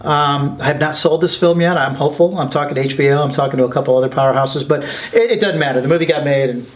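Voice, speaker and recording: A man's voice: a little high, fast talker. A man being interviewed as a documentary filmmaker, telling stories with lots of energy and acting out the people he quotes. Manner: excited, quotes people in lively voices. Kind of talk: animated interview storytelling.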